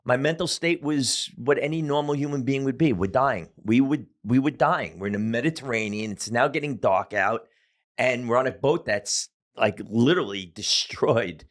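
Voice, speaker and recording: A middle-aged man of average pitch tells a story as a podcast guest. He talks casually and swears freely, with lots of fillers and restarts. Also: moderate pace. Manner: casual, profane, animated storyteller with many fillers.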